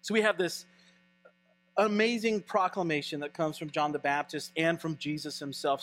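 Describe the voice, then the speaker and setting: A male pastor preaching a sermon in an animated, conversational way. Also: fairly high pitch, moderate pace.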